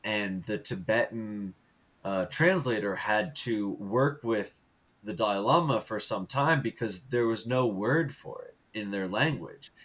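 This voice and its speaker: A man's voice: fairly low pitch, measured pace, a bit bright. A man hosting a fitness podcast, thinking aloud in a rambling way with many fillers. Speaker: podcast host. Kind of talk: casual podcast interview.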